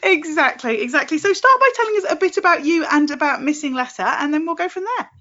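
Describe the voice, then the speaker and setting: A woman hosting a podcast interview, talking quickly and chattily with frequent laughs. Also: high-pitched, expressive, pushed and bright, dull audio. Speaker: podcast host.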